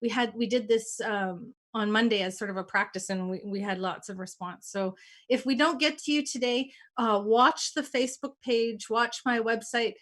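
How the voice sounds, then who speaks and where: A woman hosting a casual talk, telling stories in an animated way and acting out the dialogue. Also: on the high side, normal speed. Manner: animated, acts out quoted dialogue. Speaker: host.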